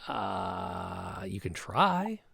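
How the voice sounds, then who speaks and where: A man narrating a tabletop game as its game master, with a gravelly edge. His pitch moves a lot as he scene-sets. The sound is dry and close. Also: wildly swooping pitch, drawn-out words, sharp tone, no room sound.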